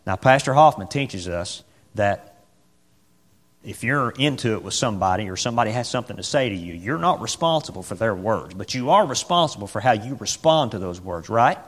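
A man's voice: lowish voice, lively intonation, a little fast, long reverb tail. A man preaching a sermon in a conversational way, who asks his congregation questions, repeats his phrases and acts out the scripture dialogue.

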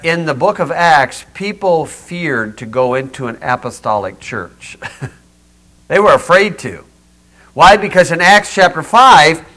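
A man delivers a sermon in a small church, his voice bright and ringing, a touch higher than most men. He drives home each point with sharp rhetorical questions and lightens it with down-home humor. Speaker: pastor.

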